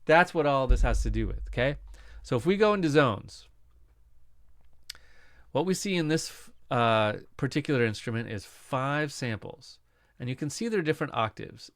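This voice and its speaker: A man explaining music production software in a casual, conversational lesson, asking rhetorical questions as he goes. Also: medium pitch, no room sound, studio quality. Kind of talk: screen-recorded software lesson.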